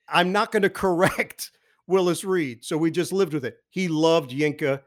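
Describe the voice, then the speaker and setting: A man who works as a sports broadcaster, telling lively anecdotes as a podcast guest and mimicking the people in them. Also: on the high side, measured pace. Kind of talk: animated storytelling in a podcast interview.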